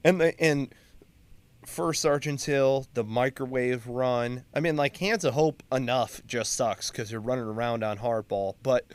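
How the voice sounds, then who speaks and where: A man's voice: medium pitch, measured pace, clear, resonant tone. A man, a Marine veteran, telling war-time stories in casual, profane chat. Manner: profane, animated storyteller. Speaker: Marine veteran podcast co-host.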